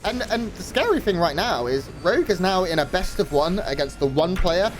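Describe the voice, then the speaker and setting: A man doing brisk, easygoing play-by-play commentary on a live esports match. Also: high-pitched, animated, slight background noise.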